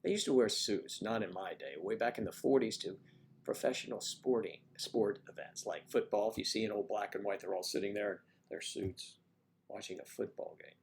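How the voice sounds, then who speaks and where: A man's voice: on the low side, normal speed, a little hiss or hum. A man hosting a casual livestream, rambling and chatting with viewers by name as he reads the chat. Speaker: livestream host reading chat.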